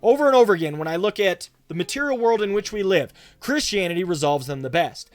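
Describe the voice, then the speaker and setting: A man's voice: sits high, lively intonation, fast talker, no echo. A male pastor answering a viewer's question in a teaching style, emphatic and fond of repeating phrases for effect.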